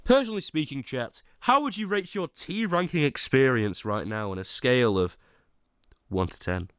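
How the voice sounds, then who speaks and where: Lively young man streaming, dry close sound. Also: medium pitch, moderate pace, clear, resonant tone, no room sound. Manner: mock-indignant rants, then fumbling apologies to chat. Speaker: livestreamer ranking teas. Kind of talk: casual livestream chat.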